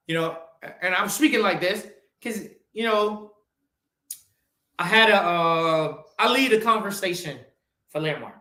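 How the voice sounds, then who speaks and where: A man in his forties with a bright, forceful voice delivers a blunt, cursing motivational monologue. He swings between loud, pushy urging and low, quiet asides. The sound carries a roomy echo. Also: lively intonation, a little slow, long pauses. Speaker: podcast host.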